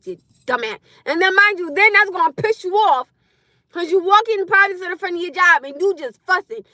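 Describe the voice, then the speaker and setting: A woman chatting loudly and bluntly on a live stream from inside her car, laughing often. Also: extremely high pitch, animated, a little fast, no echo, clean studio sound. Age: adult with a school-age son. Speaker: livestreamer. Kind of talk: casual live-stream chat.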